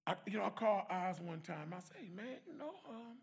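Gravelly man giving fervent church testimony. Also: high-pitched, lively intonation, a little fast. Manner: emphatic, swings from shouting to soft prayer. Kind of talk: testimony and prayer.

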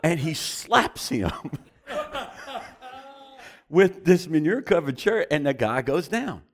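A preacher telling a story in a sermon, animated and often chuckling as he goes. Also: a little high, takes it slowly, gravelly.

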